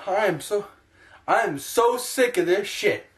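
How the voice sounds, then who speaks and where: A man's voice: sits high, animated, takes it slowly. A man ranting in a profane, self-mocking sports vlog, talking to his own camera at home. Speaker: sports vlogger.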